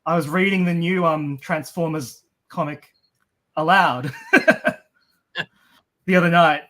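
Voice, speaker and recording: A man's voice: on the high side, takes it slowly, fairly bright tone. A man hosting a live stream and drawing for viewers, chatty and upbeat, often tripping over his words. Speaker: stream co-host and artist. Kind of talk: casual live-stream chat.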